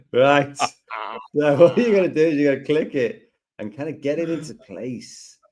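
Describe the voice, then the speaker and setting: A man hosting a live software lesson, chatting and joking as he thinks aloud through each step. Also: on the high side, moderate pace. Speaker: tutorial host.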